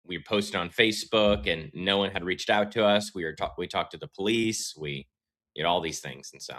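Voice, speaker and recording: Bright-toned American man co-hosting. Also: deep voice, normal speed. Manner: hesitant, laughs along. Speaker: co-host. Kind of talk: casual talk show chat.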